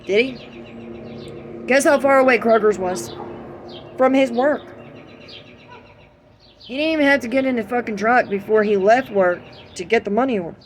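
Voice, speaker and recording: A woman holding forth in an angry, swear-laden vlog rant. Her voice sits on the higher side, and she talks straight to camera in a heated, venting way. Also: moderate pace, pauses often, a little hiss or hum. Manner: heated, ranting, heavy swearing. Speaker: vlogger. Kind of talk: profane venting monologue to camera.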